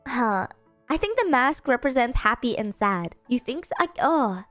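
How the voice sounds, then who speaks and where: A woman's voice: a little high, sing-song, normal speed, a bit bright, faint music behind. A woman hosting a live stream, chatting casually and thinking aloud to her chat. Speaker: streamer hosting an anime guessing game.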